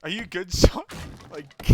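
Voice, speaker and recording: A man's voice: slow, very noisy. A young man from New Jersey, streaming a game and chatting casually, telling stories with lots of swearing. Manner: swears freely, animated storytelling. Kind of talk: casual chat while gaming.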